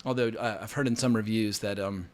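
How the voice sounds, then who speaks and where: A man giving a casual, opinionated film review, blunt and quick to swear. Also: on the low side, fairly even intonation. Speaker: film critic.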